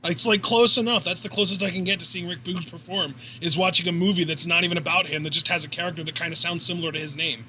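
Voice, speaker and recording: A man co-hosting a live wrestling reaction stream, animated and jokey, calling the moves as they happen. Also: fast talker, hardly any pauses, slight background noise. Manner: animated, jokey, jumps up in pitch at big moves. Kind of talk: excited live commentary and banter.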